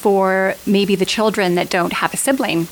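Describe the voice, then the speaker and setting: A woman's voice: medium pitch, fairly even intonation, moderate pace, slight background noise, rough recording. A woman interviewer asking curious, leading questions about her guest's work.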